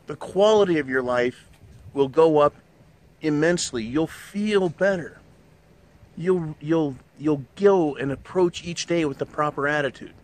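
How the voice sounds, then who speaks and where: A middle-aged man hosting his own show, delivering a blunt, profanity-laced monologue in a ranting manner. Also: fairly high pitch. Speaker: show host. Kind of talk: opinionated monologue.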